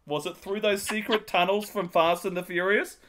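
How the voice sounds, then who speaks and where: A man's voice: sits high, steady tone, normal speed, a bit bright. A man from Australia hosting a podcast, chatting casually, teasing his co-hosts and laughing often. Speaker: podcast host.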